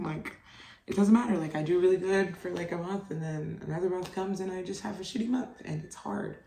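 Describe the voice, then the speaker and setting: A young mother running her own solo podcast talks fairly quickly in a mellow, fairly low voice. Her chat is loose and candid, packed with "like" and casual cursing. The mic sits at a distance, giving a roomy sound.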